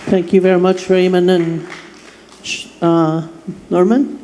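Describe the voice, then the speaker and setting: 反響する会場で笑い話をする男性. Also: male voice, sits high, slow pace. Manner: animated storyteller, laughing, acting out quotes. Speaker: workshop participant. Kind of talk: telling a funny personal story. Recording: echoey hall with faint noise.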